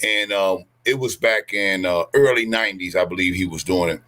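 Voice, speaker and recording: A man in a casual chat, telling an anecdote in a relaxed, slangy way. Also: sits low, moderate pace.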